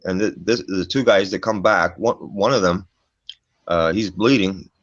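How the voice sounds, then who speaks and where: A man's voice: sits low, measured pace, no echo. A middle-aged man telling a story in casual chat, profane and emphatic, ending lines with "man". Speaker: storyteller guest. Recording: dull lo-fi dry recording.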